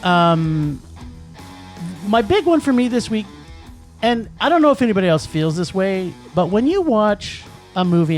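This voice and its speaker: A man co-hosting a podcast, ranting about movies in casual chat, emphatic and laughing. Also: sits high. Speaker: podcast co-host. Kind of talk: casual film-review chat.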